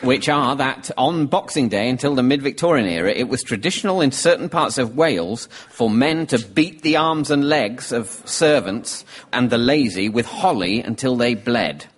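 A man's voice: mid-range voice, expressive, moderate pace, few pauses, breathy edge. Wry male quiz host. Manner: dry, wry delivery of jokes. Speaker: panel show host. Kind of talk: scripted comedy hosting. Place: theatre stage with a live audience.

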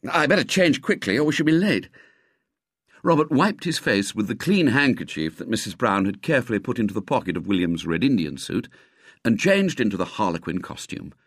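A man reading a children's story aloud with expressive, lively narration. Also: on the low side, no echo, studio quality.

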